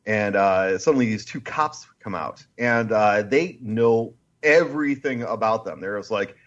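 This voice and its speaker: A man co-hosting a casual chat, retelling film scenes with lively, swearing energy. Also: lowish voice, unhurried, dull audio. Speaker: podcast co-host and film reviewer.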